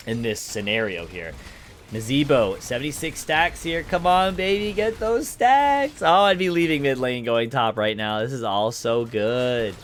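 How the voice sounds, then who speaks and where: An esports caster and streamer gives energetic live play-by-play on a video game while chatting with his viewers. His mid-range voice cracks upward at the exciting moments, and there's a little hiss or hum in the recording.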